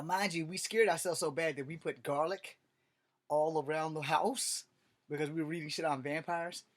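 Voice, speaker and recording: A man with a drawl tells a personal story in a casual, meandering way. He swears freely and fills gaps with "um" and "like" while he talks. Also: fairly high pitch. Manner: rambling and profane, full of fillers. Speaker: vlogger.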